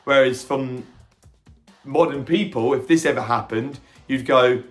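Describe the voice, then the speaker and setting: A man at a mid-range pitch, talking through a film he has just seen in a lively, excitable recap. He keeps breaking into short acted quotes and tripping over restarts, while soft music plays faintly underneath. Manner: animated retelling, slipping into quick voiced quotes of characters; occasional stammering restarts. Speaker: podcast host reviewing a film. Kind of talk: casual film reaction recap.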